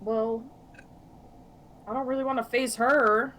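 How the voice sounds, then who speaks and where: Woman player, slightly high, quick playful remarks. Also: fairly even intonation, fairly bright tone, a little hiss or hum. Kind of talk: casual tabletop game chat.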